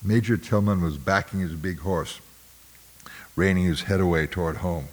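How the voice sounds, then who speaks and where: A man with a very low voice reads literary fiction aloud at a measured, somber pace. He occasionally clears his throat and restarts a word. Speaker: audiobook narrator. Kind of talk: literary narration read aloud.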